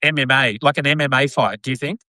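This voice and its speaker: Brief: male host, bright tone, dry close sound, loose chatty rambling. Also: mid-range voice, quick pace, no room sound. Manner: rambling, lots of fillers and repeated yeahs. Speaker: podcast host. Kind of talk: casual chat on a live video.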